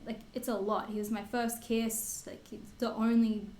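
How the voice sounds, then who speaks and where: Speaking at normal speed in a fairly high, mellow voice with a flat delivery, an Australian woman in her twenties vlogs about beauty. Candidly responding to assumptions, she curses freely and fills her talk with fillers, all in a reverberant space.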